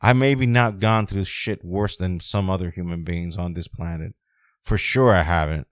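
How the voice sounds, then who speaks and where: A man hosts a solo podcast, ranting in a blunt, profane way. His lowish voice sinks low and quiet, then climbs loud and high when he gets heated. The sound is dry and close, with no room echo. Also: moderate pace, smooth. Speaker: podcast host.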